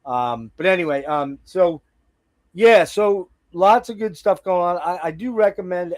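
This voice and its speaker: A man's voice: high voice, a little slow. A man hosting a casual conversational interview about music, talking loosely and rambling, with many fillers and restarts. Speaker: podcast host.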